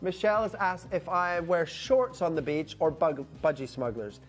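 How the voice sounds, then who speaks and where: A man's voice: fairly high pitch, normal speed, soft background music. Jokey man calling auction prices. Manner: jokey, banters with his co-host. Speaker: shopping channel presenter. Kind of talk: live auction selling. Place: TV studio.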